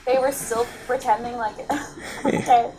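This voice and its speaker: A woman's voice: on the high side, flat delivery, measured pace, crowd noise. A woman co-hosting a podcast, chiming in with short, teasing remarks in casual chat. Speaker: podcast co-host. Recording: noisy background.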